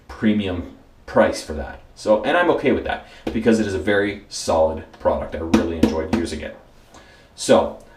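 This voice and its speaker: Low-voiced man reviewing in a roomy space. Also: a little mellow. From United States. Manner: easygoing, repeats words for emphasis, frequent fillers. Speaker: host and product reviewer. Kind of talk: casual product review. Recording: roomy echoey room.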